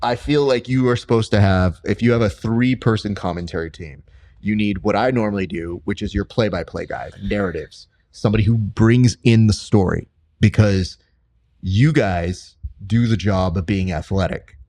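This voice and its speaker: A young male podcast host with a fairly low voice. He chats casually and tells stories with lots of energy, and his pitch leaps upward whenever he acts out what someone said. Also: normal speed. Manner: animated storyteller, jumps pitch high for quoted voices. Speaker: podcast host and combat sports commentator. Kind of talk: casual interview chat.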